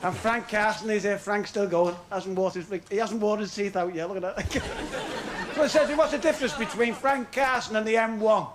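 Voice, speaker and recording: A man's voice: high voice, brisk. A man doing a chatty club stand-up routine, joking with the crowd. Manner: chatty, jokey patter with the crowd. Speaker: stand-up comedian. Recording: old 1970s TV recording with audience laughter.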